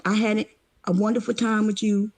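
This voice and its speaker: A woman's voice: medium pitch, little pitch movement, normal speed, darkish tone. A woman guest on a livestream, talking brashly and teasingly with lots of cursing, a bit out of breath. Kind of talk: casual livestream chat.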